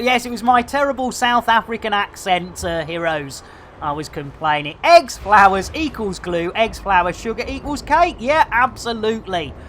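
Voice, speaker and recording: Jokey woman streamer, lively voice. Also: mid-range voice, a little hiss or hum. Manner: jokey, rambling, repeats catchphrases. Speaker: game streamer. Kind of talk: game livestream commentary.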